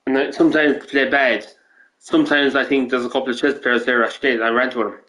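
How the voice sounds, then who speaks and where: A man's voice: medium pitch, flat delivery, brisk, a bit bright, low-quality recording. An Irish man streaming games and ranting casually, rambling, swearing often and restarting his sentences. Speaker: gaming streamer.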